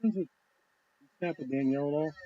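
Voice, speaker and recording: A man's voice: on the high side, a little fast. A man co-hosting a casual podcast, telling stories with lots of laughs and swearing. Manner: storytelling, laughs often, acts out quotes. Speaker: podcast co-host. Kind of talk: casual profane chat. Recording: dull lo-fi audio.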